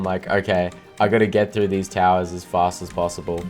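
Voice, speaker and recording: Very deep-voiced young Australian man. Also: brisk, few pauses, faint music behind. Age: 20s. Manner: rambling, filler-heavy, laughs often. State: tired, no sleep. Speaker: gaming streamer. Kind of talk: casual gameplay commentary.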